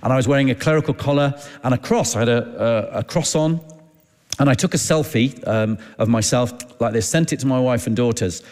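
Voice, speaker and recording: A man preaching, telling a personal story in a chatty, halting way and acting out the dialogue. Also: mid-range voice, a little mellow. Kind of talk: anecdotal sermon storytelling. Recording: long hall reverb.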